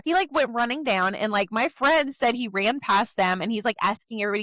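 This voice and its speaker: Brief: young woman, podcast co-host, lively storyteller who voices the people she quotes, dry close sound. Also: fairly high pitch, fairly quick, few pauses, no room sound. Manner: animated storyteller, acts out quotes in changed voices. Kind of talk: casual chat.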